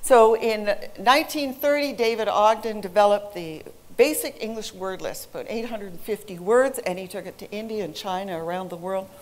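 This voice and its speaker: A woman in her forties, an English teacher, giving a presentation to an audience with lively, humorous storytelling. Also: mid-range voice, normal speed, hardly any pauses.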